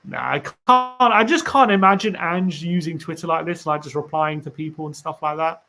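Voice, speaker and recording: A man's voice: on the high side, moderate pace, creaky, sharp tone, soft background music. A man hosting a casual live stream for a fan channel, reading tweets aloud, musing and rambling with rhetorical questions to viewers.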